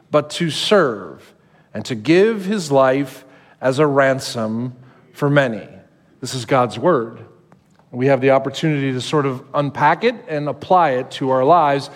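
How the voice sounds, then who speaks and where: A male pastor giving a sermon in a conversational, animated storytelling manner. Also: mid-range voice, unhurried, big-room sound.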